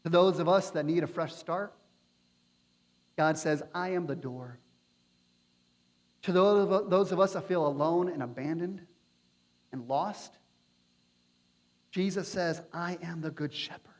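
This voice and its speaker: A male pastor preaching a sermon with passion, building to near-shouts at his high points. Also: measured pace, pauses often. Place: church sanctuary. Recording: long hall reverb.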